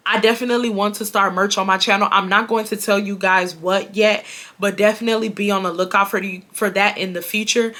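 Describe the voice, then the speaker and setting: Brief: woman in her twenties, YouTube storytime, bright voice, animated, repeats herself for emphasis. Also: mid-range voice, a little fast. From Houston, Texas. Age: 20s. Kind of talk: casual storytime.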